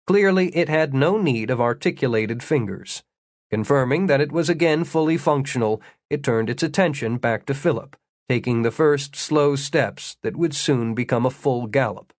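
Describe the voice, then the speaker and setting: A man narrating an audiobook in a steady, wry storytelling manner, slowing down for the descriptive passages. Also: medium pitch, no echo, clean studio sound. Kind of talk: scripted narration.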